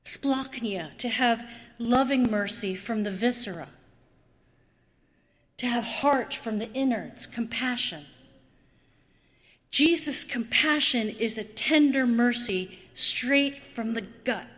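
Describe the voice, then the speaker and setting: A woman preaching a sermon, slow and dramatic, with long pauses and repeated words. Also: fairly high pitch, lively intonation, fairly bright tone, in a large hall.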